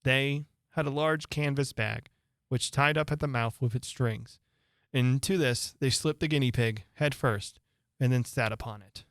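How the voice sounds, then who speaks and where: A man reads a classic story aloud in a steady, even way. His voice sits in a middle range, and the recording is dry and close. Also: medium pitch, unhurried, smooth, no echo. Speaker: host and reader. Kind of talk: storybook narration.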